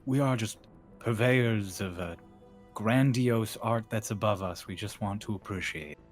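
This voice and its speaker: A man voicing a smooth-talking male vampire companion who speaks softly and grandly, with faint music behind. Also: lowish voice, a little slow. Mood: flattering. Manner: soft, flattering and grandiose.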